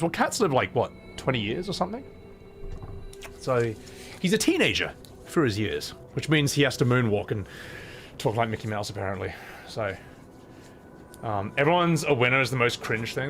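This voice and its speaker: A man's voice: medium pitch, fairly bright tone. A man streaming and chatting casually with his viewers, playful and swearing, cooing at his cat. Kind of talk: casual live-stream chat.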